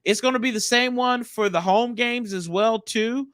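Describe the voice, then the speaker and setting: A man hosting a live stream, chatting casually and reading viewer comments in a slangy, animated way. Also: normal speed, clean tone. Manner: animated, slangy, jumps pitch often. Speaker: livestream host.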